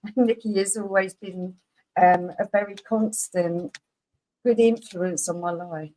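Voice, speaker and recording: Mellow-voiced woman chatting. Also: medium pitch, fairly even intonation, measured pace, low-quality recording. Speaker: live stream co-host. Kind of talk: casual chat.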